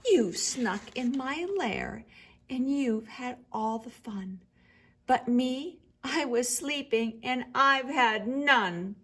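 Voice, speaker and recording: A woman voicing a big grumpy bear woken from sleep, complaining loudly in a sulk. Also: high voice, slow pace, pitched above the performer's own voice, exaggerated voice. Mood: sulky.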